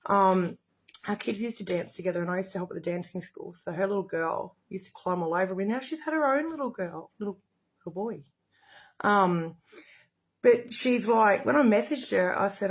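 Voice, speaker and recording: A middle-aged woman hosts a casual makeup livestream, talking to the camera. She chats in a rambling, effusive way. Her voice sits at a middling pitch. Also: brisk, slightly rough.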